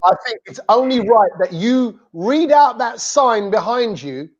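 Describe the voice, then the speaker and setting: A host on a live fan show over a video call, playful and teasing, asking guests one question after another. the sound is dull and lo-fi, like a muffled webcam mic, and the voice sits at a middle pitch. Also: expressive, unhurried. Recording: dull lo-fi audio.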